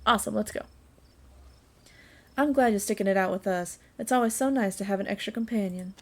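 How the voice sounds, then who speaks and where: A woman's voice: medium pitch, a little fast, natural voice. A woman voicing a friendly young female companion who talks in an upbeat, encouraging way.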